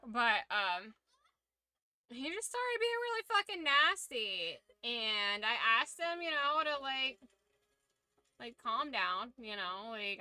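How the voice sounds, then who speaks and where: A young woman streamer in casual chat, telling a story in a lively, profane way. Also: a little high, no echo.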